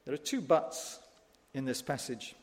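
A pastor from the United Kingdom preaches a sermon in a church, animated and emphatic, with wry asides. His mid-range voice moves a little slowly and carries a big-room sound.

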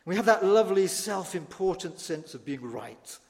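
A high-pitched male pastor from the United Kingdom delivers an animated sermon. His voice climbs to emphatic peaks and slips into dry asides. A long church reverb trails each phrase. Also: normal speed, gravelly.

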